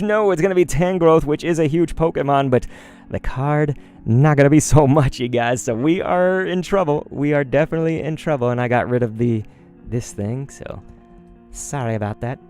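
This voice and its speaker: A young man chatting excitedly on a live stream while opening trading cards, talking straight to his chat in slangy, hyped-up bursts. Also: medium pitch, moderate pace, clear, resonant tone, faint music behind.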